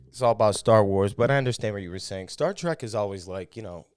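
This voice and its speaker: A man's voice: fairly low pitch, fast, a little mellow, clear, resonant tone, no room sound, clean studio sound. A man hosting his own podcast, rambling crudely and mocking himself between voicemails. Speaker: podcast host and comedian. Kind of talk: casual podcast monologue. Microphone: studio podcast mic.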